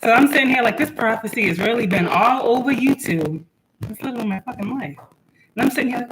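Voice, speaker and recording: A woman's voice: a little high, animated, fast. Young woman, spiritual reader, casual livestream chat, laughing, noisy home recording. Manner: chatty, laughing, talks to her kids between points. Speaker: spiritual reader and channel host.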